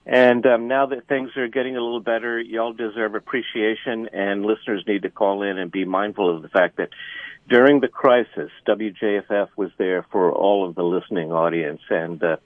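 A man calling in to a radio station by phone, earnest and grateful, halting with ums as he urges listeners to donate. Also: on the low side, steady tone, no room sound. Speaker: caller. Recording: tinny phone line.

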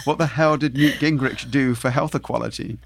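A man hosting a podcast interview, asking measured and lightly teasing questions. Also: medium pitch, gravelly, no echo. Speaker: podcast host.

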